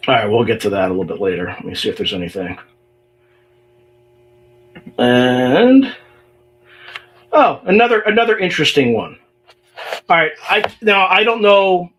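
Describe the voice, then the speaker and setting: A man's voice: mid-range voice, sing-song, moderate pace, long pauses, fairly bright tone. A man hosting a livestream podcast, talking casually and reading emails aloud with exasperated, sarcastic asides. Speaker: podcast host.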